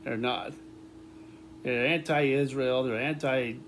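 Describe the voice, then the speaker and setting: A man talking in a rambling, casual monologue to his viewers, repeating words, restarting sentences and breaking into loud laughter. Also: medium pitch, fairly even intonation, measured pace, a little hiss or hum. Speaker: vlogger.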